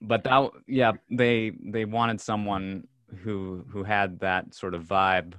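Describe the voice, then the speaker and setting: Low-voiced man chatting about films. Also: flat delivery, a bit bright, clean tone, no room sound. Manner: halting, many fillers and restarts. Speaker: podcast co-host. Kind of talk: casual film discussion.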